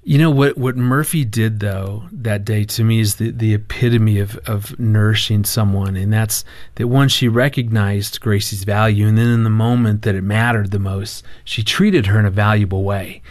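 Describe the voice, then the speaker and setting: A man appearing as a guest on a talk show about marriage and telling a family anecdote in an animated way, laughing often and acting out what he said. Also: fairly low pitch, normal speed, dry recording. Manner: animated storyteller, laughs often, quotes himself.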